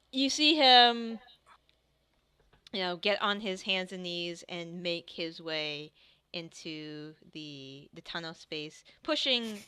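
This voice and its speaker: Slow, bright-voiced woman game master. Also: on the low side, smooth, no room sound. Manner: halting, filler-heavy description. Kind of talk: narrating a tabletop game.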